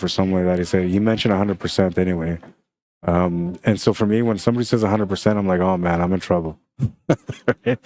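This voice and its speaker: A man casually telling a long story about being stuck in an elevator, full of "man" and "right?" and quick acted-out quotes. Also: low-pitched. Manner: animated, lots of "man" and "right?". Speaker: stream commentator.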